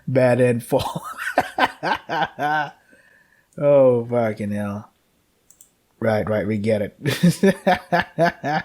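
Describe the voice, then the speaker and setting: A man's voice: medium pitch, animated, very slow, pauses often. A man streaming a game, reading its text aloud and swearing at it as he laughs.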